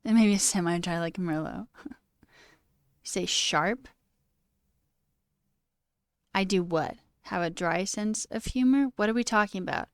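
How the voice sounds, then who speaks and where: A woman's voice: mid-range voice, normal speed, clear, resonant tone, no room sound, clean studio sound. A young woman hosting a livestream in casual chat, talking freely with frequent laughs and plenty of "okay" and "all right". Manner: chatty, laughs often, says okay and all right a lot. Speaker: livestream host.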